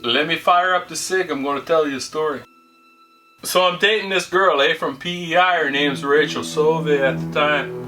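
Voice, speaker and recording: A man co-hosting a podcast in casual chat, a profane, animated storyteller who laughs often. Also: a little high, normal speed, far from the mic, over music. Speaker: podcast co-host.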